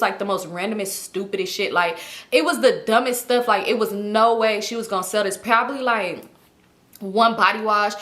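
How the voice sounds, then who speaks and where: A woman vlogger telling a story to her viewers in a lively, slangy way, acting out each quote. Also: a little high. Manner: animated, slangy, acts out every quote.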